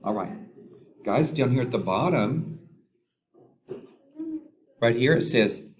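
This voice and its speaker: A male teacher leads young children through a phonics lesson at an unhurried pace. His voice sits in an ordinary middle range, and he drags out letter sounds patiently so the children can follow along. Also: medium pitch, animated.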